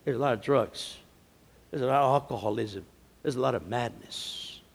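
A man giving a storytelling sermon at a men's conference, moving from easy chat to loud, emphatic preaching. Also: mid-range voice, moderate pace, vocal fry, husky. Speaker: conference speaker. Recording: long reverb of a large hall.

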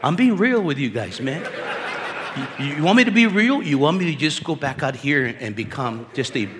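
A man preaching a sermon at a conference, animated and conversational, dropping casual slang as he talks to the crowd. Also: fairly high pitch, moderate pace. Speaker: conference speaker. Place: conference hall. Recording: echoey hall reverb.

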